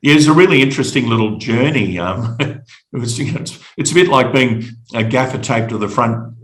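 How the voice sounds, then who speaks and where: A middle-aged Australian man telling his personal story as a podcast guest, halting and reflective, often repeating words. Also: medium pitch, a bit bright, echoey room, rough recording.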